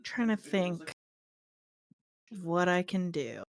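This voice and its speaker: A woman's voice: on the low side, lively intonation, takes it slowly. A woman playing a tabletop game, thinking aloud hesitantly and asking about rules. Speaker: player. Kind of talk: casual game talk.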